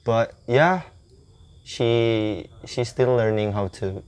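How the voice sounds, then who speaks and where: A young Indonesian man speaks English with an Indonesian accent in a relaxed chat. He pauses often and searches for his words. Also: medium pitch, clear, resonant tone, no room sound. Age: young adult. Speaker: university English student, guest.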